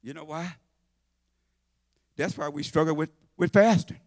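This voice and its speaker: A man preaching a sermon in church, folksy and conversational, swinging from shouts to low asides. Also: measured pace, dry recording, clean studio sound. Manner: shouting and half-singing at high points, then dropping to low asides; conversational, folksy, with repetitions and laughter.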